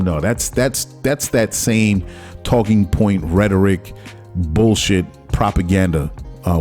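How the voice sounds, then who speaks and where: Dude kinda low voice going off on politics, lots of "you understand what im saying", music faint in back. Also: male voice, darkish tone. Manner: impassioned, ranting, rhetorical questions. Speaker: podcast host. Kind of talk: solo political commentary.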